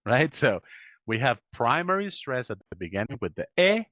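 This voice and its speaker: Patient male pronunciation coach, lively voice. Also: medium pitch, normal speed, no room sound, highs cut off. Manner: patient, corrective, drills sounds aloud. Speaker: English pronunciation teacher. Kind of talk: one-on-one pronunciation lesson.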